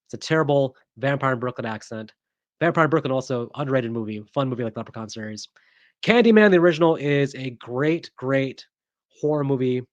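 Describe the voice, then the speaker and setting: A man's voice: medium pitch, brisk, no echo, dull audio. A man hosting a casual vlog as a horror movie reviewer. He talks in a chatty, opinionated way, with frequent ums and restarts.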